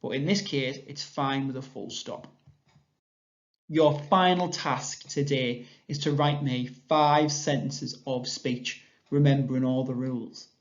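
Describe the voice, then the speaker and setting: A man with an English accent, a primary school teacher giving a recorded grammar lesson, explaining patiently and clearly. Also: medium pitch, steady tone, a little slow. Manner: clear, patient explanation, reading examples aloud with lifted voice. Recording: dull lo-fi sound.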